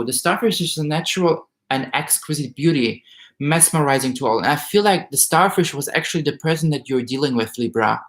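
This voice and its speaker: Emotional man doing a tarot reading. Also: fairly high pitch. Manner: emotional, excited, reads card meanings aloud. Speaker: tarot reader. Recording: roomy echo.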